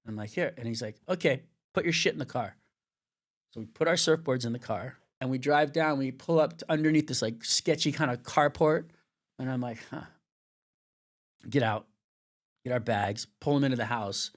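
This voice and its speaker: A middle-aged man from California telling a candid story in an interview, swearing freely and acting out the other people's lines with lively changes in his voice. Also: medium pitch, normal speed. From Venice, California. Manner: swears freely, acts out quoted dialogue with lively shifts. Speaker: surf commentator, interview guest.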